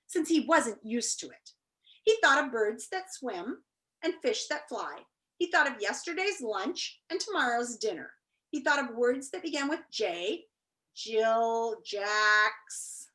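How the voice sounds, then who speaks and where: A teacher reading a children's book aloud to her class over a video call. Her high, bright voice swings widely up and down as she reads with lots of expression. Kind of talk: storybook read-aloud.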